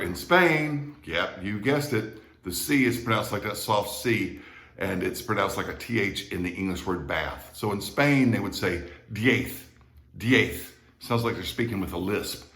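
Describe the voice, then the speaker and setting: A man's voice: on the low side, a bit bright. A male Spanish teacher with an American accent, patiently repeating words and checking in with his students. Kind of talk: recorded classroom lesson. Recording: echoey room.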